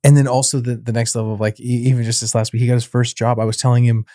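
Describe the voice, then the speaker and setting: A middle-aged man co-hosting a casual faith podcast, telling a family story with lively acted-out dialogue and frequent laughs. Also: medium pitch, rapid-fire, dry recording, clean studio sound. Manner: animated storyteller, acts out dialogue, laughs often. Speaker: podcast co-host.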